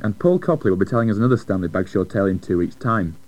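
A man with a low voice hosts a radio show, talking fast in a playful, chatty way. His pitch moves up and down a lot as he banters. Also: expressive, music in the background, low-quality recording. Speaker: children's radio presenter. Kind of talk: casual presenter banter.

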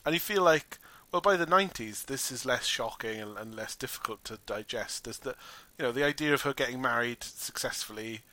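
A man casually discussing a film with a friend in a wry, animated way, swearing now and then. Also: mid-range voice, fairly quick, hardly any pauses. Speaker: podcast co-host.

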